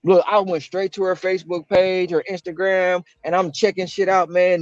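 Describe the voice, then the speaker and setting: A man, a delivery driver, telling a story in casual chat, slangy and animated, acting out quotes with big jumps in pitch. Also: normal speed, dry recording. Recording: dull dry lo-fi sound.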